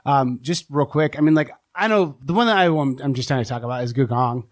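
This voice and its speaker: A man's voice: medium pitch, fairly quick. A man co-hosting a podcast in casual chat, rambling along with lots of "um" and "like" fillers. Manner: rambling, full of "um" and "like". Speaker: podcast co-host.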